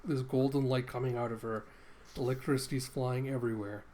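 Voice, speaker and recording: A man's voice: mid-range voice, fairly even intonation, brisk, warm tone, a little hiss or hum. A man hosting a comic readthrough, retelling the story in a loose, filler-laden way. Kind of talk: casual comic recap.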